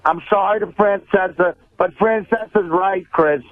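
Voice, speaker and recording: A man's voice: high-pitched, a little slow, dry recording. A man calling in to a radio show, brash and profane, talking over the host. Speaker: caller to a sports radio show. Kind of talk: heated call-in argument. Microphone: phone call. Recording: tinny phone line.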